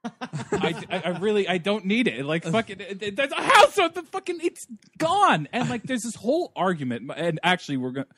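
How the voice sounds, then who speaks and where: A man joins a casual film chat, laughing and exclaiming with a very lively, swinging pitch. His voice sits slightly high and sounds dry and close. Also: fairly quick, no room sound. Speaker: podcast co-host. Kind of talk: casual movie-discussion chat.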